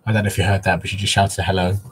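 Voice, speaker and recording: A man's voice: low voice, flat delivery, rapid-fire, fairly bright tone, breathy edge. A man hosting a casual craft livestream from home, talking openly and emotionally to his viewers. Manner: openly emotional, soppy, chatty. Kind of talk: casual live-stream chat. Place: at home, in a living room.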